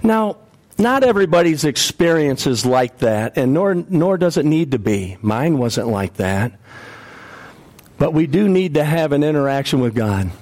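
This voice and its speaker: A man's voice: on the high side, sing-song, unhurried, darkish tone. A man preaching a sermon, telling personal stories earnestly and often repeating and restarting his words.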